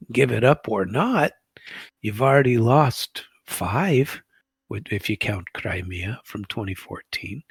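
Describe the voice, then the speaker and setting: Gravelly, husky man rambling sardonically. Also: lowish voice, a bit bright, dry recording. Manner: rambling, sardonic, reads posts aloud with asides. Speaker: political commentary host. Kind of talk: casual solo commentary.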